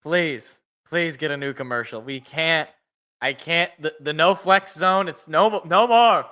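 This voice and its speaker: High, bright-voiced young man calling plays. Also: unhurried. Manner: chatty, rambling, restarts mid-sentence. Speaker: live reaction host. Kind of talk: casual play-by-play commentary.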